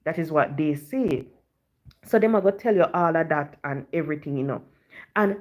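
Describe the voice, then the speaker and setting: Jamaican woman, live-stream host, casual patois storytelling, lowish voice. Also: a little fast, darkish tone. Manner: chatty patois storytelling, leans on "you know".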